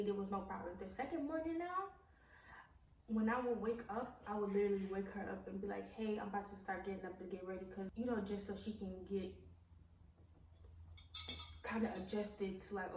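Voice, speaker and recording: A woman's voice: mid-range voice, a little mellow, echoey room. Young woman, casual storytime, blunt and profane, lots of filler words, faint background hum, distant mic. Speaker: vlogger telling a story.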